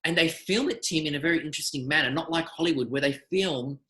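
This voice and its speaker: A man tells animated backstage anecdotes, circling back and restarting as he goes. His voice is bright and a touch high, and it rings in an echoey room. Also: fast. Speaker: magician guest. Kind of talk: casual interview storytelling.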